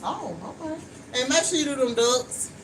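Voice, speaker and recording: A woman with a drawl talks frankly and casually, swearing now and then as she cooks in her kitchen. She sounds a little distant from the microphone. A clear layer of background noise runs under her voice. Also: high-pitched, moderate pace. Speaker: vlogger. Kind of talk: casual chat while cooking. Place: home kitchen.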